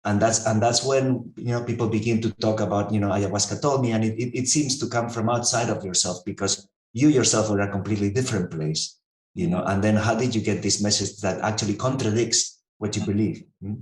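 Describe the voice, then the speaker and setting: A man telling stories in conversation, halting, with frequent restarts. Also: lowish voice, echoey room. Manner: halting, many restarts and fillers, storytelling. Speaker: researcher and interviewer. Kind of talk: conversational storytelling.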